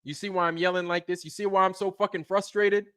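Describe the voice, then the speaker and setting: A man's voice: high voice, little pitch movement, fast talker, sharp tone, smooth, no room sound. A man hosting his channel, delivering an angry, profane rant full of repeated phrases. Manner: heated, profane, repeats himself. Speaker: channel host.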